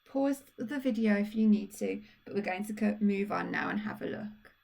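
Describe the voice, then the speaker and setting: Gravelly Brummie woman teaching phonics. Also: medium pitch, darkish tone. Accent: Birmingham (Brummie). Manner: patient, encouraging, spells out sounds slowly. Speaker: primary school teacher. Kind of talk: recorded phonics lesson for young children.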